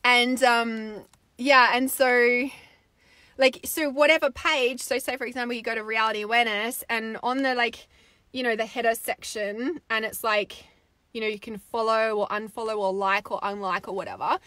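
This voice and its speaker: A young woman talks on a live stream in a bright, forceful voice that sits a little high. She rambles through viewer comments with lots of "like"s and swears freely when she gets worked up. The sound is dry and close. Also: fairly even intonation, normal speed, no room sound. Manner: rambling, filler-heavy talk with many "like"s. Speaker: intuitive healer hosting a live stream.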